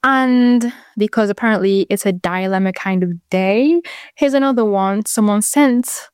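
A woman's voice: mid-range voice, measured pace, clear, resonant tone, no room sound, clean studio sound. A 22-year-old woman with a British accent, hosting a casual advice show and chatting frankly to listeners with rambling asides. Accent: British English.

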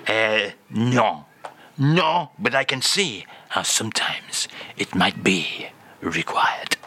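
A man voicing a pompous Frenchman with an exaggerated mock French accent, speaking slowly, low and at times in a breathy hush. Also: lively intonation, heavily acted. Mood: hammy, suave. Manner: slow, drawling, hushed and breathy at times. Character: pompous middle-aged Frenchman with a heavy put-on accent.

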